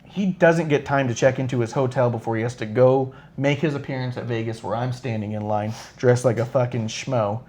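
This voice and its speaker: A man's voice: medium pitch, steady tone, a little fast, few pauses, a little mellow. A man hosting a live podcast in casual chat, rambling through an anecdote with lots of swearing and acting out the quoted lines. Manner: acts out quoted dialogue with shifting voices. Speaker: podcast host.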